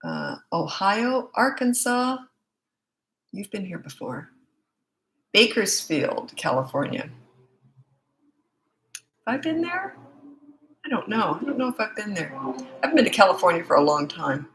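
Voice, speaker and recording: A parenting coach with a Canadian accent chats frankly with viewers on a live-stream Q&A, greeting them by their locations. Her medium-pitched voice is sing-song and a bit bright, a little slow with frequent pauses. The audio from her own microphone setup is poor, with slight background noise.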